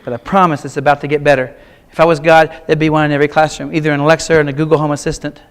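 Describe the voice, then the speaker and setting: A man's voice: a little high, level tone, very fast, smooth. A man in his fifties, a teacher, giving a humorous keynote speech with wry, self-mocking stories and punchy short lines. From Kansas. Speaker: keynote speaker, art teacher.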